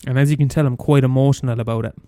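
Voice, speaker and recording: A young Irish man ranting profanely on his podcast, talking fast and mumbling. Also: mid-range voice, fairly even intonation, warm tone, dry recording, clean studio sound. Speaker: podcast host. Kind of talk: casual solo rant.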